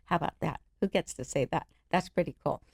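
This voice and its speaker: A middle-aged woman from the Los Angeles area, an interview guest telling stories in an animated, laughing way. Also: low-pitched, a little fast, gravelly, slightly rough, no room sound, studio quality. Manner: animated, laughing, acts out other people's voices. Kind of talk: casual storytelling chat.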